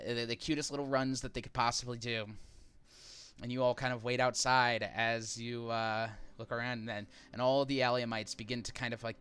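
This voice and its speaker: A man's voice: mid-range voice, sharp tone, smooth. A man narrating a tabletop game as game master, describing scenes in a rambling, filler-heavy way.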